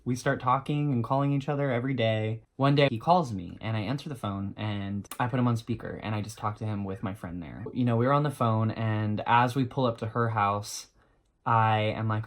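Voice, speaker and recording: A young adult man telling an embarrassing story on his vlog, animated and self-mocking, swearing freely. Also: lowish voice, fairly quick. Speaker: vlogger.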